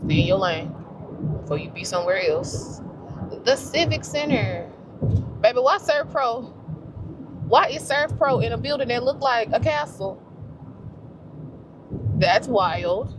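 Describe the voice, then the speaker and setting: A woman's voice: fairly high pitch, lively intonation, measured pace, pauses often, noisy background. A woman chatting to her camera while she drives, talking to herself and laughing easily. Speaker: vlogger. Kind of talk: casual vlog chat. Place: in a car, driving.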